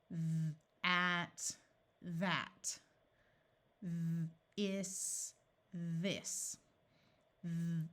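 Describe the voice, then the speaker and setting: A woman teaching a phonics lesson, sounding out each word slowly and then blending it together. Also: lowish voice. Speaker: reading tutor.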